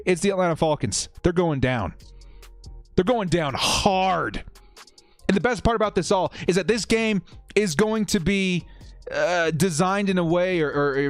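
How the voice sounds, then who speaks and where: Lively young man chatting on a live stream. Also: high voice, no echo. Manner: animated, laughs often, reads chat comments aloud. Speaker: streamer reading viewer chat. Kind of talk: casual live-stream chat.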